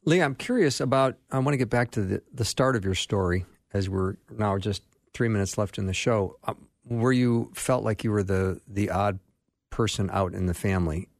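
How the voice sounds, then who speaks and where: A man's voice: fairly low pitch, dry recording, studio quality. A man hosting a radio interview show, asking friendly, curious questions with some fillers.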